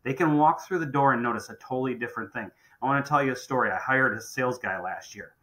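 On a podcast, a middle-aged man who runs a contracting company speaks quickly and sharply at a medium pitch. He's emphatic and keeps restarting, repeating phrases, all captured on a rough recording.

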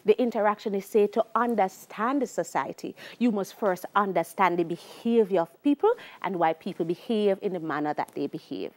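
A middle-aged Jamaican woman teaching a sociology exam-prep lecture. She talks in a lively way and slips into patois when she tells stories. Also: medium pitch, moderate pace, hardly any pauses. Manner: lively, shifts into patois for anecdotes.

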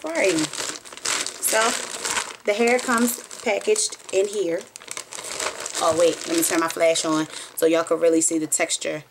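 Young Southern woman vlogger, chatty and excitable, casual unboxing talk, phone mic with clear background noise and crinkling wrap. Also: on the low side, measured pace, pauses often. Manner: chatty, bubbly and excitable, squeals with delight. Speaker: beauty vlogger. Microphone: phone camera. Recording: noisy phone recording with crinkling packaging.

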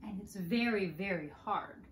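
A woman hosting preschool story time, reading picture books aloud in a slow, sing-song way and playfully acting out animal noises for children. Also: mid-range voice, reverberant, a little hiss or hum.

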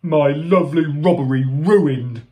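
Man playing a big striped thief, storybook, loud, blubbering, slow. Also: fairly high pitch. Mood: blustering.

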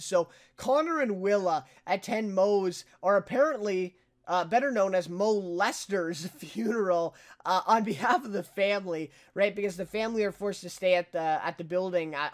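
A young man casually recapping a TV episode as a reviewer, chatty and full of fillers, laughing now and then. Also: high-pitched. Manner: chatty, filler-heavy, laughs while retelling scenes.

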